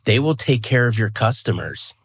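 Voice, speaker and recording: A man's voice: mid-range voice, expressive, moderate pace, fairly bright tone, slightly rough. A man in his fifties, a guest in an interview, talking earnestly and with emphasis, often restarting and repeating words. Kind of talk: conversational interview.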